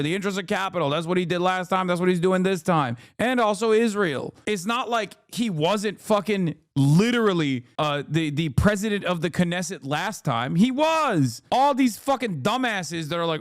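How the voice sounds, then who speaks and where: A man's voice: high voice, no echo, clean studio sound. A man hosting a live-stream reaction, ranting in a heated, mocking and profane way. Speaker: streamer host reacting to clips.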